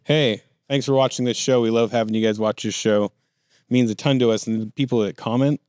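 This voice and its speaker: A man co-hosting a comedy podcast, telling rambling stories in an animated way. His voice sits in the middle of the male range. The recording is close and dry. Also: mid-range voice, fairly quick, clean tone, dry recording. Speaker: podcast co-host. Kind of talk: casual comedic chat.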